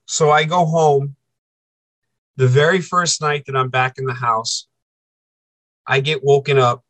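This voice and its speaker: A man telling a personal story as an interview guest, earnest and halting, often repeating himself for emphasis. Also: mid-range voice, fairly even intonation, a bit bright, no echo, poor audio.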